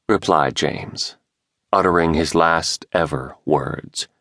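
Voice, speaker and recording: Male audiobook narrator, deep, dramatic and expressive, for a thriller. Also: moderate pace, dry recording, clean studio sound.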